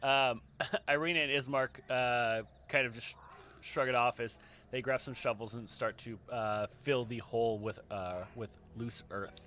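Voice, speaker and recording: A man narrating as game master of a tabletop game, halting with many fillers. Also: mid-range voice, fairly even intonation, pushed and bright.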